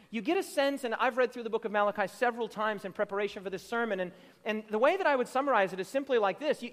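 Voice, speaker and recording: A man preaching a sermon as pastor, building emphasis through repeated phrases and stretching out his quotations slowly. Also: very high-pitched. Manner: preaching with rising emphatic repetition; slow drawn-out quotations. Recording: reverberant hall.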